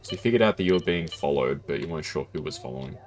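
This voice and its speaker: A man's voice: extremely low pitch, animated, racing, noisy background. A man casually commenting as he streams a detective game, playful and self-deprecating, breaking into giggles.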